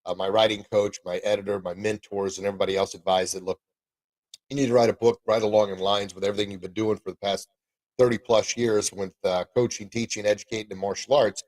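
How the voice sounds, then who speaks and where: A man's voice: lowish voice, steady tone, fast talker, darkish tone, no room sound, poor audio. A middle-aged man hosting a podcast and live stream in a casual, upbeat, rambling way, full of folksy exclamations. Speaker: podcast host and martial arts coach.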